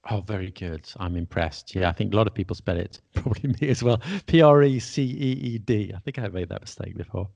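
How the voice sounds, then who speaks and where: A podcast host and English teacher speaks a little fast with hardly any pauses, his fairly low voice darkish and full of vocal fry, with no room sound. In casual conversation he's chatty, self-deprecating, and laughs often at his own mistakes.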